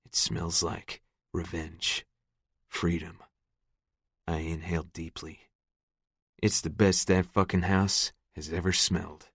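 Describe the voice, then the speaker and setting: A man's voice: sits low, level tone, slow, vocal fry, pauses often, fairly bright tone, breathy edge, dry recording. A man narrating a gritty first-person audiobook in a close, scripted read. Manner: gritty, profane storytelling.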